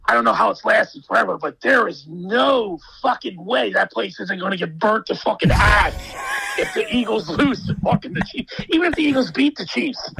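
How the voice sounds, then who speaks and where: A man's voice: high voice, gravelly, pushed and bright, husky, low-quality recording. A man talking as a podcast guest, ranting emphatically in casual, profane chat.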